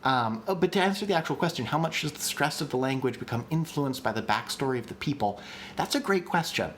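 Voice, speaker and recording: Man thinking out loud on a stream. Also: medium pitch, animated, fast, a little hiss or hum. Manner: thinks out loud, many ums and restarts; answers chat questions as they come in. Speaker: streamer teaching language creation. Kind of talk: live-streamed casual lecture.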